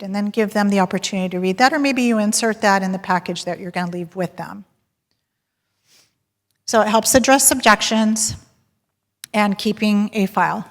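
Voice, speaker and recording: A woman giving a sales talk to a live audience, telling stories and polling the crowd with a lively, laughing manner. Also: mid-range voice, moderate pace. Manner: lively storyteller, polls the audience and laughs often. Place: large hall with audience. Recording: long hall reverb.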